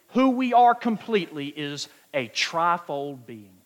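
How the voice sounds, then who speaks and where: A man preaching a sermon, emphatic and quoting scripture, stretching key words out slowly for weight. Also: a little high, big pitch swings. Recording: long hall reverb.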